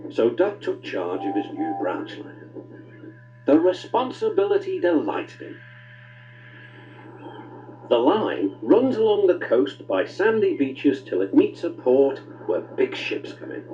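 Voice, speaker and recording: A man narrating a children's story with expressive, swooping delivery. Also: slow, lo-fi sound, slight background noise. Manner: warm, expressive storytelling with big pitch swings.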